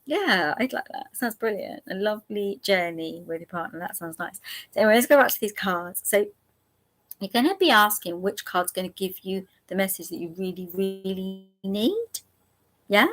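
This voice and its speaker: Brief: woman hosting a live card reading. Chatty and mid-pitched, laughs easily, repeats the choices slowly for viewers. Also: lively intonation. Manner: warm, chatty, laughs often, speaks directly to viewers; repeats options slowly and gently. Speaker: angel card reader hosting a live stream.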